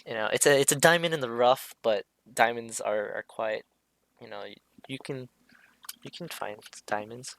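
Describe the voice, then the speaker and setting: A man's voice: mid-range voice, normal speed, creaky, a bit bright. A man talking casually over a drawing, hesitant, with many fillers and restarts. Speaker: streamer explaining a drawing.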